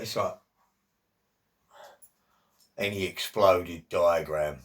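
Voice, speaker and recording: A man's voice: low-pitched, steady tone, slow pace, pauses often. A middle-aged man, talking in a chatty, rambling monologue full of jokey asides.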